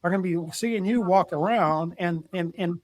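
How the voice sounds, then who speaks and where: An older man recounts his army days in a casual, plainspoken way, often repeating words as he restarts a sentence. His voice sits fairly high for a man. The sound is close and dry, with no room echo. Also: moderate pace. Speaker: retired army general, podcast guest. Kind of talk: casual storytelling interview.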